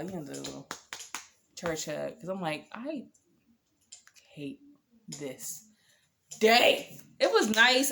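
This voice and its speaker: A young woman casually telling a dating story to camera, animated and sassy, swearing freely. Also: fairly low pitch, a little hiss or hum.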